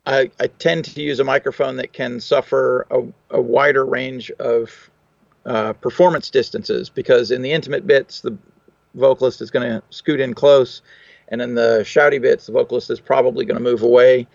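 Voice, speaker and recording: Man, gravelly voice, dry close sound, dull lo-fi recording, technical interview guest. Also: medium pitch, steady tone, moderate pace, no room sound. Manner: thoughtful, technical, many fillers and restarts. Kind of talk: conversational interview answers.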